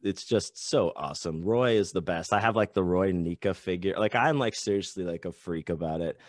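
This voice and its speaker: A man talking as a guest author in a casual podcast chat, loose and animated, swearing and saying "like" a lot. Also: low voice, normal speed, dry recording, clean studio sound.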